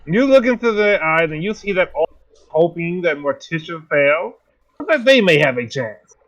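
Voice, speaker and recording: A man running a tabletop game as game master, narrating and speaking for his characters in slow, grave pronouncements. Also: fairly high pitch, very animated, fairly bright tone, lo-fi sound.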